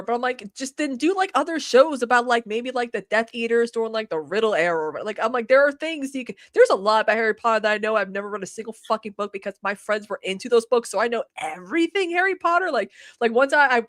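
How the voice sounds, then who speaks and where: A woman's voice: on the high side, fairly bright tone, no echo, studio quality. A woman in her thirties co-hosting a podcast, chatting casually and rambling with lots of restarts. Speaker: podcast co-host. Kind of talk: casual chat.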